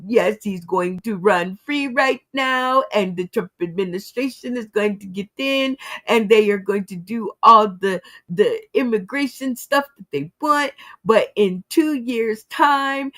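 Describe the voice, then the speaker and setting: A woman doing a put-on accent as a mystical TV psychic, drawling her prophecy slowly. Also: mid-range voice, expressive, natural voice. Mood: prophetic.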